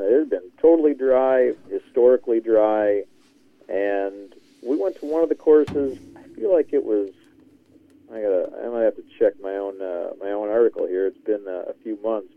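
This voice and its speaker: A man's voice: fairly low pitch, no room sound. A man telling a long, rambling story as a guest on a casual podcast, laughing often and dropping "man" into his sentences. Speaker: guest contributor. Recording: tinny, dry phone line.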